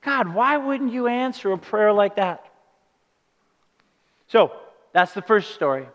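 A male pastor with a high, somewhat bright voice delivers a sermon to his congregation at a slow pace with lively intonation. Conversational and earnest, he relies on rhetorical questions, and a long reverb suggests a large church sanctuary.

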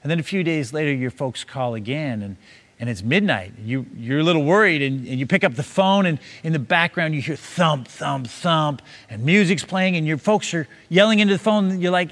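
Higher-voiced male preacher telling a parable. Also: normal speed, a bit bright. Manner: storytelling, builds scenes with repeated "imagine". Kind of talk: sermon told as a long parable.

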